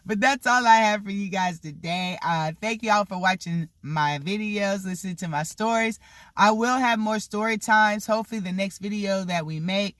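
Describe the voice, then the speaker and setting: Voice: mid-range voice, moderate pace, a bit bright, dry recording, clean studio sound. An adult vlogger telling a childhood story casually, rambling with lots of fillers and laughing now and then. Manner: rambling, many "like" and "you know" fillers.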